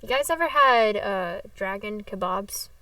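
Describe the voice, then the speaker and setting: A woman's voice: mid-range voice, expressive, sharp tone. A woman hosting and playing in a tabletop game, joking around with friends. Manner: joking, quick to laugh. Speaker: player and channel host. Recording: voice far from the mic.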